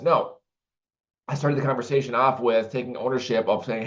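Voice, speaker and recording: A man's voice: mid-range voice, normal speed. Rambling man on a dull, lo-fi recording. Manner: rambling, with many restarts and fillers. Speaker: vlogger. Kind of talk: casual monologue to camera.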